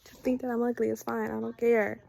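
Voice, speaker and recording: A young woman with a gravelly, creaky voice and a dark, mellow tone vents to her camera. She talks in a blunt, exasperated way, tossing in filler words as she rants. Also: on the high side, level tone, fairly quick. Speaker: vlogger. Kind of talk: casual rant to camera.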